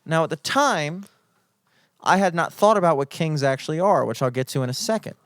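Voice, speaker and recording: Animated young man telling a story. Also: a little high, fairly quick, dry recording, clean studio sound. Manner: animated, profane, mock-outraged storyteller. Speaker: podcast co-host. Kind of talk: casual chat, storytelling.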